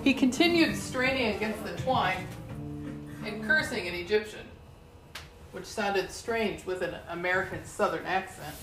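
Woman reading a fantasy audiobook, lively, medium pitch. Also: a little slow, over music. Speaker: audiobook narrator. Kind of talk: first-person audiobook narration.

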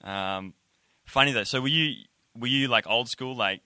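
A man's voice: mid-range voice, moderate pace, sharp tone, dry recording. A man hosting a casual podcast interview, talking in a loose, rambling way full of filler words. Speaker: podcast host.

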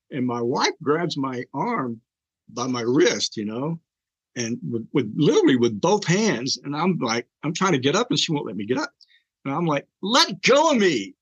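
A man's voice: mid-range voice, slightly rough, no echo, rough recording. An older man, a podcast guest, earnestly telling an emotional personal story with fillers and restarts.

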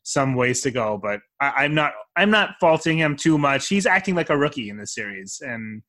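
A man's voice: medium pitch, expressive, normal speed, a bit bright. Upbeat young podcast host man. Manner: upbeat, enthusiastic fan talk. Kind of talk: casual sports podcast chat.

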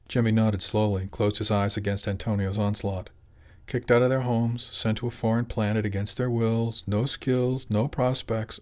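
A man narrating a novel in a steady, measured reading. His voice sits on the lower side. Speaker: audiobook narrator. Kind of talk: scripted narration.

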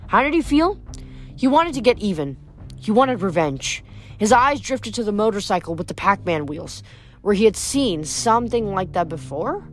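A woman reading a novel aloud in an expressive narrating voice. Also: mid-range voice, moderate pace, faint music behind. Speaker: reader.

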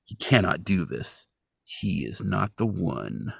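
A man on a podcast recaps a TV episode, his pitch swinging widely as he jokes and mocks what the characters do. The voice is mid-pitched and sits close and dry on the mic. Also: takes it slowly, creaky, slightly rough, no echo. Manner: animated and wry, jokes and mocks the characters while narrating.

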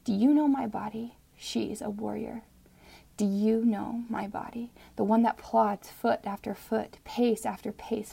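A woman's voice: mid-range voice, vocal fry, warm tone, slightly rough. A woman in her thirties telling a personal story, then reading her own spoken-word poem earnestly, often dropping to a whisper.

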